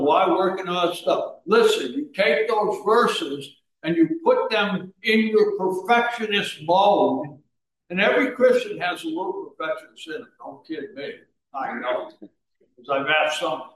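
A male pastor preaching a sermon, moving between quiet asides and raised, urging exhortation. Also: high voice, lively intonation, a little slow. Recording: echoey room, mic at a distance.

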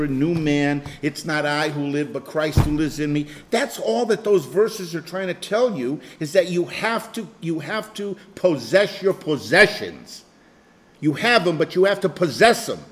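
An older man leading a Bible study group in an informal sermon, rambling, repeating phrases and chuckling. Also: on the high side.

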